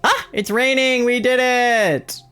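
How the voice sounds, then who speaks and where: A woman streaming a game live, reacting out loud with excited exclamations and casual swearing. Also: on the high side, slow pace, clear, resonant tone, faint music behind. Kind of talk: live gameplay commentary.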